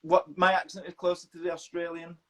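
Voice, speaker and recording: A man's voice: high voice, flat delivery, fairly quick, a bit bright. A man from Leeds with a Yorkshire accent, interviewing in a jokey, enthusiastic casual chat. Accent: Yorkshire English. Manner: jokey, enthusiastic, laughs often.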